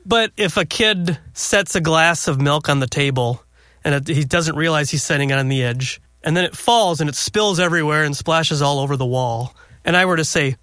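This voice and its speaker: A man's voice: on the high side, normal speed, a bit bright, no room sound, clean studio sound. A man in casual conversation about faith, telling a story and laughing often.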